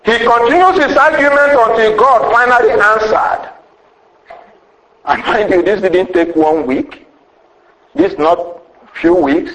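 A man's voice: extremely high pitch, a little slow, pauses often, a bit bright, echoey room, slight background noise, low-quality recording. A man preaching a sermon with emphasis, rhetorical questions and a repeated refrain.

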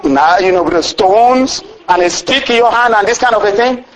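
A scornful, boastful giant warrior, taunting his small challenger, as a preacher man puts him on. The voice stays high and is delivered as part of a sermon story. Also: normal speed, fairly bright tone, rough recording.

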